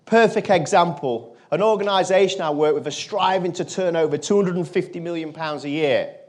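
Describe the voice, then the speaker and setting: A man giving a motivational keynote, telling a personal story to a live audience and turning quiet in the emotional moments. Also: on the high side, fairly quick. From England. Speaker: motivational speaker. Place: conference stage.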